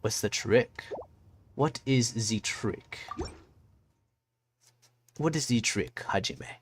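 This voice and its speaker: A man's voice: medium pitch, expressive, slow pace, a little hiss or hum. A man streaming a video game, chatting casually with his viewers and muttering to himself as he searches through menus. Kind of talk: casual gameplay chat.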